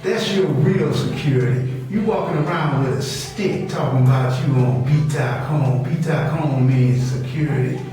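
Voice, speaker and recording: A man's voice: mid-range voice, measured pace, hardly any pauses, dark tone. Middle-aged male preacher, confrontational rebuke; recorded far off in a very echoey room with faint music. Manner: scolding, repetitive, confrontational, dialect speech. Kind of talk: fiery sermon rebuke.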